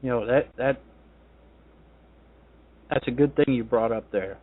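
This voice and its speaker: A man's voice: mid-range voice, a little slow, pitched below the performer's own voice, lightly acted. Wary frog from a fable, guy telling it, plain voice, phone-line sound.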